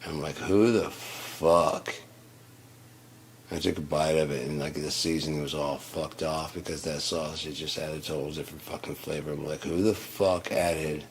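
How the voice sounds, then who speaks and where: Man, very low voice, casual solo podcast monologue, rambling, profane, quick to get indignant. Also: completely flat delivery, slight background noise. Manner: profane, rambling storyteller who flares up indignant.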